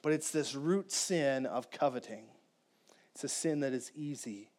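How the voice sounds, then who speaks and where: A man preaching a conversational, animated sermon as a pastor, speaking directly to his congregation. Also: mid-range voice, unhurried.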